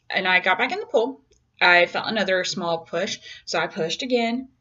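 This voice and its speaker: A young woman chats through a personal story in a candid, self-deprecating way, her voice sitting at an ordinary middle pitch. She acts out other people's lines with big leaps upward. The audio sounds a little muffled, like a home video recording. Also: a little fast, bright, forceful tone. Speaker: mother telling her birth story.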